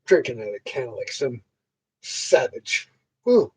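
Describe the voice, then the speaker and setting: A man's voice: mid-range voice, sing-song, a little slow, slightly rough, poor audio. A man hosting a casual livestream, rambling and joking crudely while answering viewers. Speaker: livestream host.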